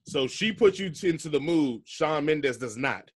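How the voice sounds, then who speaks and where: A man hosting a casual music chat, relaxed and slangy, laughing often. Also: a little high, moderate pace, slightly rough. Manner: laid-back slangy talk, laughs often. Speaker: podcast host.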